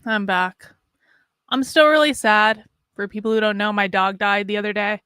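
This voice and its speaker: A woman's voice: medium pitch, fairly quick, clean tone, no echo, clean studio sound. A woman hosting a casual livestream, talking candidly and steadily through sadness, often repeating herself. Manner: candid, sad but steady, talks in restarts and repeats. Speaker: host.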